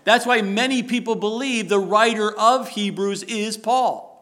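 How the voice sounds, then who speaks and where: A middle-aged male pastor delivers a sermon in a high, bright voice. He works phrases over again and again, pressing each point harder as he goes. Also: unhurried. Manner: preaching with rising emphasis and repetition.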